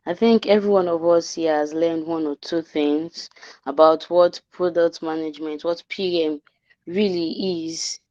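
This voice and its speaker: Woman wrapping up an online class, earnest, lowish voice, dull dry call audio. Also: fairly even intonation, measured pace, dark tone, no room sound. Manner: earnest, summarizing, hesitant restarts. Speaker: class coordinator. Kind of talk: thanking remarks in an online class.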